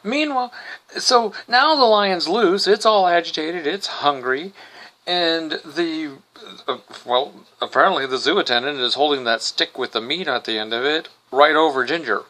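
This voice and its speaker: Male podcast host, sarcastic recap style, bright and crisp tone. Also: on the high side, normal speed. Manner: wry, sarcastic asides. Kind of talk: casual comic recap.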